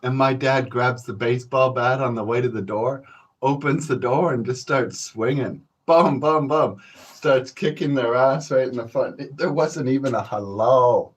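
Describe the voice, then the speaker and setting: A man's voice: medium pitch, moderate pace, husky. A man hosting a podcast, rambling through stories in a profane, laid-back way and chuckling as he calls his listeners folks. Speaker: podcast host. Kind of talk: rambling solo storytelling.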